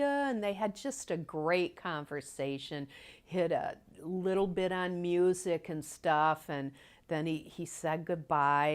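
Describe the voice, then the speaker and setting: Slow, low-voiced woman recalling a loved one. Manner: halting, many fillers, drops to soft whispers. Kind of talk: personal recollection.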